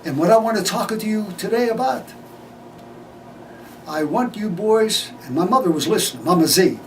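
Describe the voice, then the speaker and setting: Animated older man telling family stories. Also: sits high, moderate pace. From United States. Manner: animated, laughing storyteller acting out family dialogue. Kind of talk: personal storytelling. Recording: distant mic with faint ambient noise.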